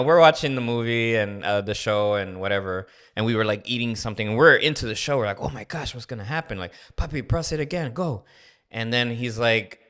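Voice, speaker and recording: A man's voice: lowish voice, bright, forceful tone, smooth. A middle-aged man hosting a podcast, telling stories in a casual, rambling way full of fillers. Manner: rambling, filler-heavy storytelling. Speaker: podcast host. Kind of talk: casual storytelling chat.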